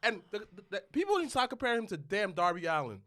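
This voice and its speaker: A man co-hosting a podcast in casual chat, loud and insistent, calling out to viewers. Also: high-pitched, sing-song, fast. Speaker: podcast co-host.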